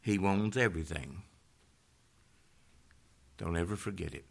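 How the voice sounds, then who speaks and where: A man preaching a sermon, rising to loud fervent peaks and dropping to hushed, low emphasis. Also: unhurried, creaky.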